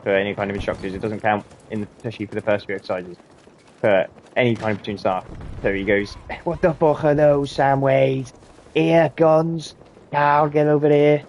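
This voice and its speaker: A man with a lowish voice, a podcast host and army veteran, tells army stories casually over slight background noise. He rambles, swears, and chuckles often.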